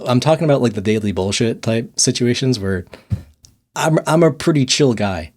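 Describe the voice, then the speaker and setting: A man's voice: medium pitch, animated, fairly quick, darkish tone. A young man casually telling a story in a monologue, laughing often and restarting his sentences. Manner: rambling, laughs often, restarts and repeats words. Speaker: vlogger.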